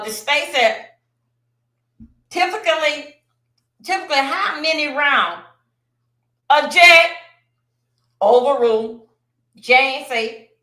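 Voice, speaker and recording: A woman hosting a casual livestream, reading out and reacting to court testimony in an animated, drawn-out way with sighs and exclamations. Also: sits high, reverberant.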